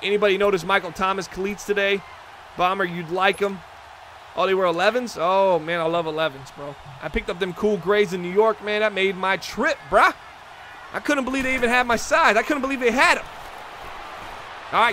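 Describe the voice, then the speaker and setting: A man hosting a live stream, calling video game plays with excitable commentary that breaks into hollers on big moments. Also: high-pitched, brisk, a little hiss or hum. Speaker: stream host and play-by-play commentator.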